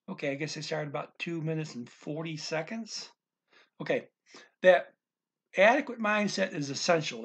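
A man teaching a language in a casual, thinking-aloud way, reading phrases slowly and restarting often. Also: fairly high pitch, vocal fry, fairly bright tone. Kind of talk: casual explanatory lesson.

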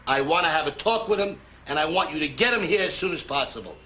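A menacing tough father, harsh, bright tense voice, lively pitch, roomy film sound. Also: quick pace. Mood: angry. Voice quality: harsh and forceful. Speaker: actor in a film clip.

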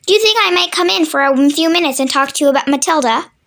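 A woman's voice: high-pitched, fast talker, a bit bright. A woman voicing a slim young female teacher in a read-aloud storybook, speaking politely but firmly.

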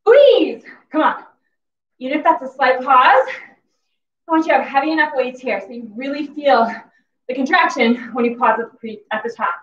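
A woman's voice: sits high, fairly quick, fairly bright tone. A woman fitness instructor coaching a workout class, out of breath, calling cues and cheering with whoops. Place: exercise facility gym. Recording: echoey gym from far off, dull sound.

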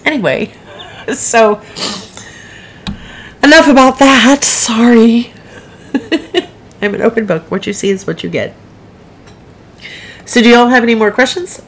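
This middle-aged woman author hosts a casual live broadcast, talking openly with her viewers and drifting into asides. Her animated voice is on the high side, moving at a normal speed with frequent pauses.

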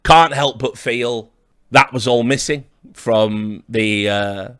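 A man hosts a livestream in a sardonic, rambling manner, chuckling as he mocks his subject. His voice sits at an ordinary middle pitch and sounds close and dry, with no room around it. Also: slow pace, fairly bright tone, clear, resonant tone, no echo. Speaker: livestream host.

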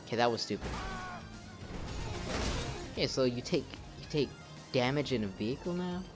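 Excitable young man narrating his gameplay. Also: mid-range voice, moderate pace. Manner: excitable, swears at the game, narrates his own moves. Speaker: gameplay commentator. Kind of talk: casual let's-play commentary. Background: game music.

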